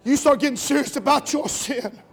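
A man preaching a revival sermon, telling stories that swell to shouts and drop to a hush, ending in an altar call. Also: fairly quick, faint music behind. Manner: storytelling, voice swells to shouts then drops low.

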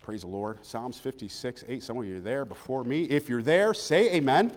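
A man preaching a sermon as pastor, dropping into soft confiding asides, then rising to loud fervent preaching and calling out for amens. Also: medium pitch, expressive, normal speed. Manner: calls out for amens from the congregation. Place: outdoor service by a pond. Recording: long hall reverb.

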